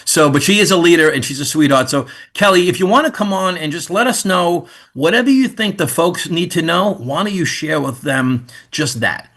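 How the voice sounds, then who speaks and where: A man's voice: fairly high pitch, moderate pace, few pauses. A man in his fifties with a New York accent, hosting a webinar in casual, rambling chat. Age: 50s. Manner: animated, rambling, folksy. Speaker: webinar host.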